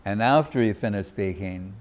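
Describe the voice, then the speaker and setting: At a temple festival gathering, a Gaudiya Vaishnava speaker gives a devotional talk in a lowish male voice at normal speed. He tells anecdotes with warm laughter and acts out the voices of the people he quotes.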